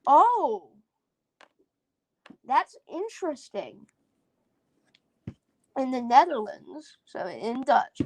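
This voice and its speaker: A woman's voice: on the high side, no echo. A woman hosting a casual solo podcast, rambling and giggling as she sounds out foreign words. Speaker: podcast host.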